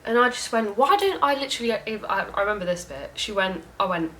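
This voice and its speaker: A young woman telling a story in a casual rant, frank and animated, swearing often. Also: mid-range voice, fairly quick, low-quality recording. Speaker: vlogger.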